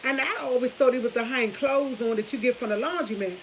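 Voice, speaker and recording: Speaking a little fast in a voice on the high side, a woman hosts a vlog and tells her viewers stories. It's casual, rambling chat with lots of laughter and restarts, recorded in dull lo-fi sound with faint hiss.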